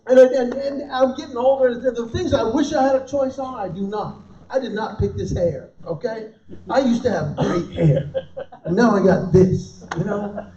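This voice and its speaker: A man's voice: very high-pitched, moderate pace, slight background noise. A middle-aged man performing live stand-up comedy at a dinner event, telling stories and acting out the voices in them. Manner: animated storytelling, acting out quoted voices. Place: dinner event in a large room. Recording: roomy, distant, dull live room sound.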